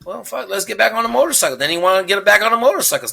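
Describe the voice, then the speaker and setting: A man's voice: high-pitched, very animated, rapid-fire, gravelly, pushed and bright. A middle-aged man telling stories in casual chat, emphatic and heavy on swearing. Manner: profane, emphatic storyteller.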